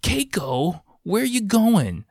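A man's voice: wildly swooping pitch, slow, darkish tone, no room sound, clean studio sound, exaggerated voice. A man putting on the voice of a whiny, clingy young man who acts like a helpless man-child. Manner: whining, demanding, high and pleading.

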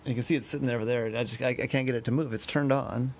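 A man's voice: medium pitch, fairly even intonation, rapid-fire, darkish tone, a little hiss or hum, natural voice. A man voicing a flustered woman engineer and mother, rambling and fretful, in close to his own voice. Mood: chatty.

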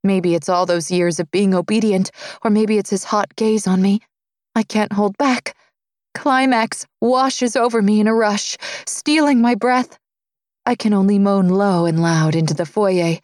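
A woman narrating a romance audiobook in the first person, with a low, intimate reading. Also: dry recording, clean studio sound. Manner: low, intimate reading, dropping softer for his lines.

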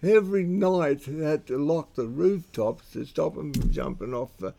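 A man's voice: on the high side, expressive, unhurried, creaky, background noise. An older Australian man telling blunt, colloquial stories about his old security and police work in a rambling way, often restarting his sentences. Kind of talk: rambling spoken reminiscence.

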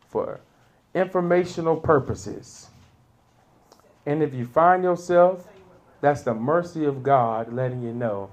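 Lively, slow-talking preacher man. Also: on the high side. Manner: expressive, laughs between points, rises to loud peaks. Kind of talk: sermon.

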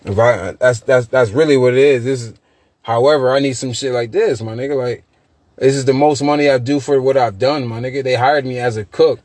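A young man, a podcast host telling profane, animated stories with loose repetitions. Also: mid-range voice, fairly quick, no echo. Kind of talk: casual chat.

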